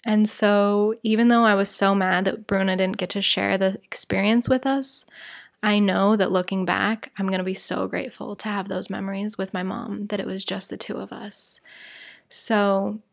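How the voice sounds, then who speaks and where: A woman's voice: medium pitch, steady tone, normal speed, creaky. An American woman hosting a podcast, telling a personal story in a rambling, chatty way, full of "like" and "you guys". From United States. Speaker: podcast host.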